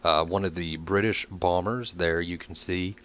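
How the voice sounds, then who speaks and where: A man giving relaxed commentary on a flight game as he plays it, explaining menus with many ums and uhs. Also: deep voice, measured pace. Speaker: gameplay video host. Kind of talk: casual gameplay commentary.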